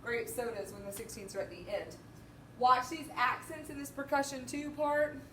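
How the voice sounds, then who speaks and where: A high-pitched woman leads a band lesson, counting and singing rhythms aloud. She sounds distant from the mic in an echoey room. Faint background noise sits under her voice. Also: fairly even intonation, normal speed, sharp tone. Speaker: band teacher. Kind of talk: music lesson walkthrough.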